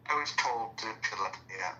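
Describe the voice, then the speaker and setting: Guy hosting a talk room, halting and rambly, bright tone, faint hiss. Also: fairly low pitch, lo-fi sound. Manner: halting, rambling, many "like" fillers and restarts. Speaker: host of an online debate room. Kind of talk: casual chat.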